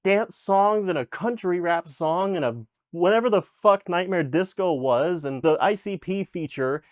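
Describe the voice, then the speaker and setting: A man's voice: high voice, unhurried, no room sound, studio quality. A man reviewing an album in casual commentary, exasperated and sarcastic, swearing often. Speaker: music reaction host.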